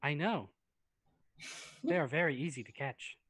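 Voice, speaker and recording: A man's voice: a little high, very animated, unhurried, fairly bright tone, slightly rough. A man playing in a tabletop role-playing game, giving short, cheerful replies. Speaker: player. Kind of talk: casual tabletop play.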